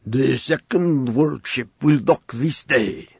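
A cold, scheming alien prefect speaks in a gravelly, husky rasp, measured and menacing, as a man reads him aloud. The audiobook voice sounds dry and close, with no room around it. The delivery stays flat and calculating. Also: medium pitch, dry recording, full character voice. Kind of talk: audiobook character voice.

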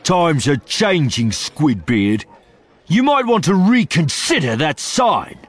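A man's voice: a little high, sing-song, takes it slowly, pitched above the performer's own voice, exaggerated voice. A man voicing a brutish, sloppy officer who speaks in a guttural growl. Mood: menacing.

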